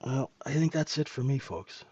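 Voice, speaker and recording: A man's voice: mid-range voice, expressive, normal speed, mellow, slightly rough, dull audio. A middle-aged man hosting a live trading room, chatting casually and joking with viewers, laughing often. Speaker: trading room host and mentor.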